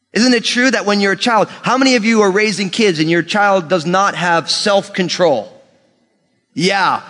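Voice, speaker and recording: Brief: male pastor, higher-pitched voice, lively storytelling sermon, slow deliberate scripture reading, long hall reverb.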